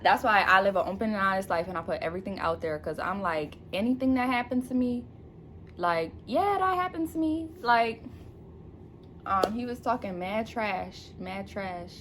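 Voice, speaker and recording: Speaking at medium pitch and an ordinary pace, a young woman talks directly to the camera about her new book, giggling and bubbly. She's by herself indoors at home, the camera mic picking up a noisy background.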